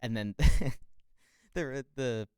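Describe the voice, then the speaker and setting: Young woman co-host; very low, smooth, dry; relaxed, rambling storyteller. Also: very slow, dry recording. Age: young adult. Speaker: podcast co-host. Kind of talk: casual chat.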